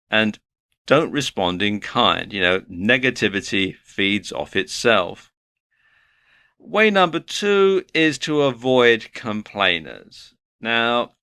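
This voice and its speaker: A man's voice: medium pitch, sharp tone, dry recording, studio quality. A man giving a motivational lecture, earnest and advice-giving, working through his points one by one. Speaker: online course instructor.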